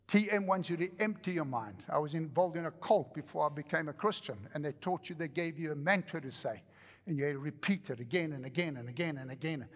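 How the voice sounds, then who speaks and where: A male pastor giving an animated, joking sermon with repeated phrases to a congregation. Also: on the high side, a little fast, long reverb tail. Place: church hall with congregation.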